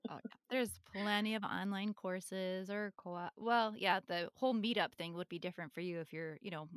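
A woman's voice: medium pitch, moderate pace, clear, resonant tone, no room sound, studio quality. A woman hosting a podcast, chatting casually in a playful, teasing way and laughing easily. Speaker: podcast host.

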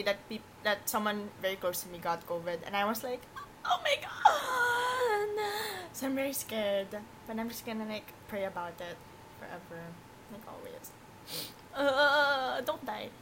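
A woman's voice: mid-range voice, pushed and bright, slight background noise. A young woman co-hosting a casual podcast, dramatic with playful quips. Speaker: podcast co-host. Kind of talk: casual chat.

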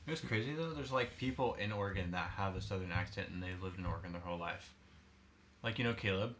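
A man's voice: low voice, fast talker, fairly bright tone, slight background noise. A young man co-hosting a podcast, talking casually with a lot of "like" fillers. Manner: filler-heavy talk, lots of "like". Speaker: podcast co-host. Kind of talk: casual chat.

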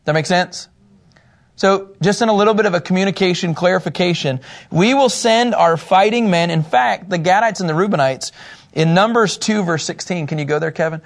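A man's voice: sits high, a little fast, gravelly. A man leading a casual Bible study, reading scripture aloud and asking the group questions in a conversational way.

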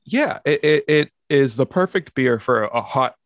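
A man's voice: medium pitch, animated, a little slow, dry recording. A man hosting a casual podcast, easygoing and a little rambling. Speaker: podcast host.

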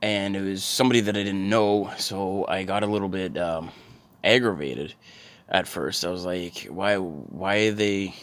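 Low-voiced man rambling sarcastically. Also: normal speed. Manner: sarcastic, crude deadpan humor. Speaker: solo podcaster. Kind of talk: rambling casual monologue.

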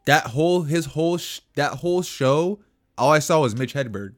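A man's voice: fairly high pitch, expressive, normal speed. A man co-hosting a casual podcast chat, rambling with lots of fillers and restarts. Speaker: podcast co-host.

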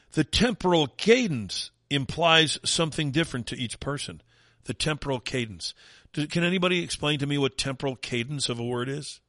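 A male talk radio host on a sarcastic tear, his voice bright and cutting as it swings up and down with scorn. The sound is dry and close, with no room around it. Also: medium pitch, no echo. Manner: sarcastic, ranting, mocking. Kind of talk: opinionated talk radio monologue.

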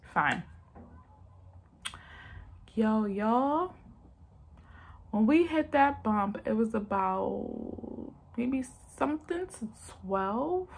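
A woman's voice: on the high side, expressive, drawn-out words, creaky, pauses often, slight background noise. A young woman, chatting to viewers in a storytime vlog and acting out the quotes. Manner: chatty, addresses viewers as y'all, acts out quotes. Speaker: vlogger telling a story. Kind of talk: casual storytime chat.

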